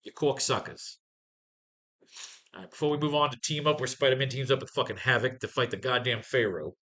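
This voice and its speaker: Male class host, profane, excitable; bright, forceful, casual commentary. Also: mid-range voice, fast. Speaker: writing class teacher. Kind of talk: casual comic read-along commentary.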